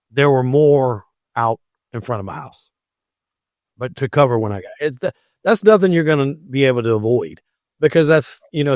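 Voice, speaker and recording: A man's voice: medium pitch, no room sound, clean studio sound. A man hosting a podcast, giving emphatic opinions in casual discussion. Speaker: podcast host.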